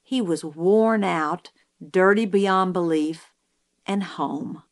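With a voice that leans low, the woman narrates a novel for an audiobook in a measured, storytelling way.

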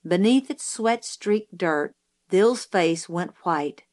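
A woman reading a novel aloud as an audiobook narrator, in a measured storytelling manner. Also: on the low side, expressive, darkish tone.

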